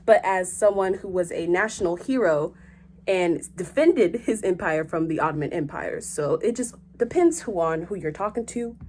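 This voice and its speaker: A young woman hosting a vlog in casual chat, animated and joking, with frequent swearing. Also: lowish voice, moderate pace, a little hiss or hum. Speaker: host.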